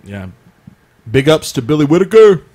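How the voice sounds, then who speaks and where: A man's voice: fairly high pitch, sing-song, normal speed, mellow. Rambling joking male co-host. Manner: rambling, joking, restarts sentences. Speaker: podcast co-host. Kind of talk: casual chat.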